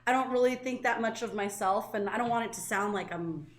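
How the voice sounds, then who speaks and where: A woman's voice: a little high, brisk, echoey room. A woman in her thirties from Southern California, co-hosting a casual podcast and talking candidly, with lots of fillers and restarts. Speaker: co-host.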